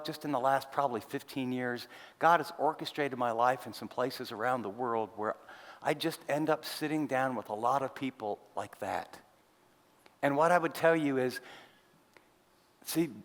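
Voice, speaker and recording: An older man, a pastor, preaching a sermon as a conversational story, earnest and confiding with self-deprecating asides. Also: mid-range voice. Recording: long reverb of a large hall.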